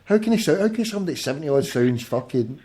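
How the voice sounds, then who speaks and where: A man's voice: on the high side, animated, very fast, very noisy. A Glaswegian man in his forties hosting a late-night call-in podcast, swearing freely and bantering combatively. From Scotland. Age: 40s. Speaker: podcast host. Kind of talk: casual call-in chat.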